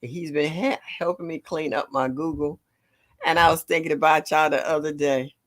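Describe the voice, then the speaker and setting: An older woman hosting a casual gardening livestream, greeting viewers by name and chatting warmly. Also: deep voice, fairly even intonation, moderate pace. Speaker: livestream host.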